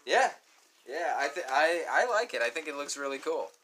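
A man's voice: on the high side, very animated, moderate pace, pushed and bright. A man chatting casually as a podcast guest, laid-back and restarting his sentences. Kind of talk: casual chat.

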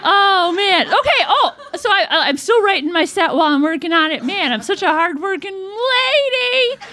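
A woman's voice: extremely high pitch, expressive, moderate pace, bright, forceful tone, heavily acted. A woman performing a live comedy roast in character, giggly and rambling, laughing at her own jokes. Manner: giggly, rambling, self-deprecating. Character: comedic take on a famous 1950s female comedian.

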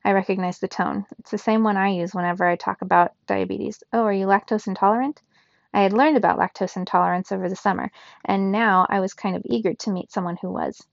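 A woman reading a children's novel aloud in a steady first-person narration. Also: medium pitch, quick pace, gravelly, dry recording, muffled recording. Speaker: reader.

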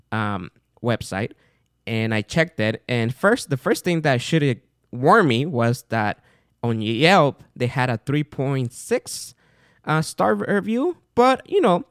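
Man, casual host monologue, mid-pitched, animated storytelling, dry close recording. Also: clean tone, no echo. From outside the United States. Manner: animated, chatty, with fillers and retold dialogue. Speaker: podcast host.

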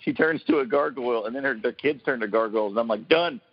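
Talking fast in a mid-range voice, this forties-aged podcast panelist is an excitable storyteller who acts out every quoted voice at a casual roundtable. There's no room sound, though the audio is dull and lo-fi.

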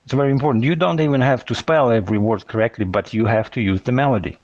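A man's voice: medium pitch, fast talker, a little mellow, dry recording. Inquisitive man, dull dry sound. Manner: curious, asks many questions, careful phrasing. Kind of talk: casual chat.

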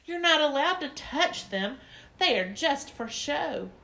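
A woman voicing a bossy, prissy little girl who scolds in a shrill, prim voice. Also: expressive, slow pace, gravelly, bright, forceful tone, heavily acted. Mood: scolding.

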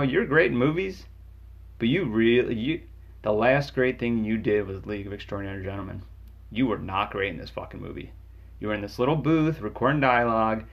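Gravelly guy ranting, swearing a lot, sarcastic, dull muffled audio. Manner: angry, profane, sarcastic, jumps pitch for emphasis. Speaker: game reviewer. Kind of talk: profane comedic rant. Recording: dull lo-fi sound.

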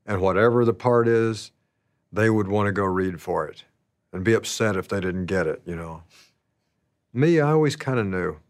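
A man's voice: fairly low pitch, expressive, normal speed, no room sound, studio quality. A man in his sixties telling stories from his life in a rambling, folksy, self-deprecating way, full of "you know" asides. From American South. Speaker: actor telling his story. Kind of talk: reflective storytelling.

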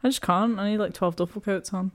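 Woman, podcast co-host, casual watch-along banter, giggly, mid pitch. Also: steady tone, slight background noise. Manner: chatty, giggly, quick asides.

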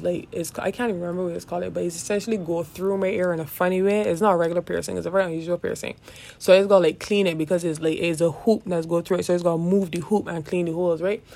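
Gravelly-voiced woman in rambling profane chat. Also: fairly low pitch. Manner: rambling, profane, says "dog" constantly; laughs often while talking. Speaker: podcast host. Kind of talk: casual chat.

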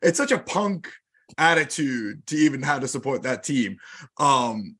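A man's voice: medium pitch, big pitch swings, measured pace, fairly bright tone, breathy edge. An American man hosting a podcast, chatting casually and enthusiastically with a guest, now and then swearing. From United States. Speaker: podcast host.

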